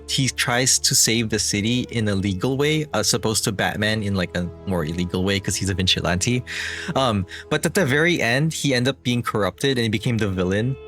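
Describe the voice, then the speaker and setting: A man's voice: mid-range voice, fairly bright tone. A man streaming a game, chatting casually in a rambling way with many restarts and frequent laughs. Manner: rambling, lots of fillers and restarts, laughs often. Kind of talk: casual gameplay commentary.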